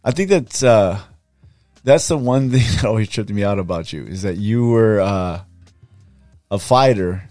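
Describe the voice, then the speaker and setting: A man hosting a podcast, asking relaxed, chatty questions. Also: on the low side, measured pace, dry recording, soft background music. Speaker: podcast host. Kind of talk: casual interview.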